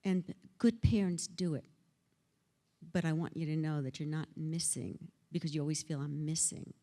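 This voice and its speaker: An older woman delivers a conference keynote to an audience in a hall, theatrical and teasing as she acts out the voices she quotes. She speaks at normal speed in a deep, warm voice.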